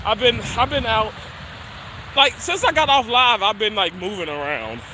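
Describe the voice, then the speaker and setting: A man's voice: high voice, expressive, moderate pace, noisy background. A chatty man livestreaming outdoors on a snowy street, laughing often, a little winded from walking and talking to viewers. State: slightly winded from walking uphill. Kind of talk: casual walking livestream chat.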